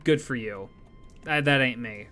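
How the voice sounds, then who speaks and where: A man's voice: mid-range voice, measured pace, pushed and bright, soft background music. A man streamer talking casually and animatedly to his viewers, swearing freely as he rambles through opinions and sign-offs.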